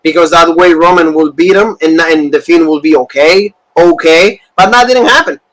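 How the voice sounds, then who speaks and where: High-voiced man ranting about wrestling. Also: normal speed, poor audio. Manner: animated, repetitive, rants with fillers. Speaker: podcast co-host. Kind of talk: casual wrestling review chat.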